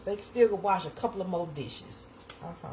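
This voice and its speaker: A woman's voice: fairly low pitch, normal speed, a little mellow. A woman with a Georgia Southern accent, chatting casually on a livestream from her kitchen, repeating her phrases and talking to viewers. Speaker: livestream host. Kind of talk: casual live chat while making breakfast. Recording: noisy home livestream audio.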